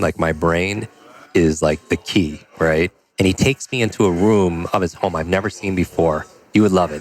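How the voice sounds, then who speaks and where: A man telling a personal story as a podcast guest, energetic and acting out the dialogue. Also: low-pitched. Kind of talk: conversational storytelling.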